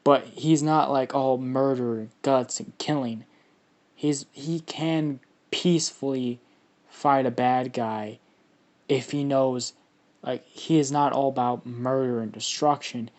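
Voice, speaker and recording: A man's voice: mid-range voice, steady tone, slow pace, a little mellow. A man improvises a fan story in a loose, rambling way. He swears freely and leans on fillers as he goes.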